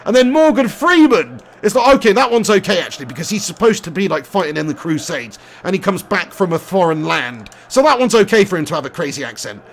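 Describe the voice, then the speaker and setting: A man's voice: high voice, sing-song, fast talker, hardly any pauses. A young man, a gaming streamer, chatting casually on a live stream, laughing often and reading out chat messages.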